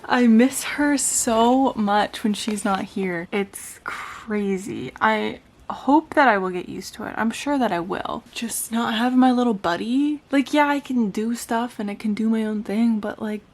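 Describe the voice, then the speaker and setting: A woman's voice: on the high side, a little slow, few pauses. A young woman and new mom talking casually to the camera at home in a rambling, chatty vlog full of fillers. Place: at home indoors. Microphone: camera-mounted mic.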